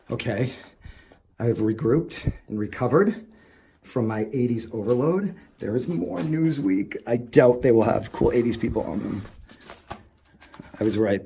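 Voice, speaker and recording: A man, vlogging while exploring an abandoned asylum indoors, gushing excitedly, swearing and rambling to himself. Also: medium pitch, breathy edge. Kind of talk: casual explore vlog, talking to camera.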